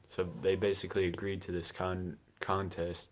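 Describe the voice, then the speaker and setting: A man's voice: low-pitched, little pitch movement, moderate pace. A man giving casual commentary as he reads scripture, laid-back and chatty, often laughing and saying "man.". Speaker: scripture teacher.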